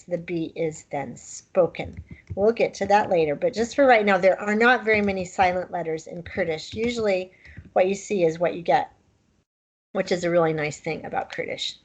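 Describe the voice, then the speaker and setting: A woman's voice: on the low side, moderate pace, lo-fi sound, slight background noise. A woman teaching a language class, explaining pronunciation patiently and demonstrating sounds one at a time. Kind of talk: slow, patient language lesson.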